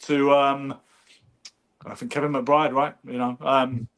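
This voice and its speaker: A man telling stories in casual conversation, animated and anecdotal. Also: medium pitch, slow pace. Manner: animated, anecdotal, does brief impressions. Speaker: podcast host.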